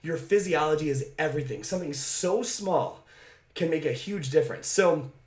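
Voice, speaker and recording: A man speaks as a motivational coach, energetic and direct, pressing each point home and checking in with the listener. His voice sits a little high for a man. The room rings with noticeable echo around him. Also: moderate pace. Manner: energetic, emphatic and direct, with frequent "right?" asides. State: out of breath. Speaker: mindset coach. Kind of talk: motivational talk to camera. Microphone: camera mic.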